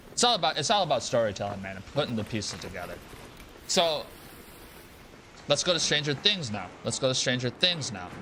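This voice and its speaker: A young male streamer rants casually while he plays, swearing freely and hammering each point home by repeating it. His voice sits slightly high and comes out bright and forceful, with a faint noise behind it. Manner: animated, profane, repeats himself for emphasis. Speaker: gaming streamer. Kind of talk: casual live-stream rant while gaming.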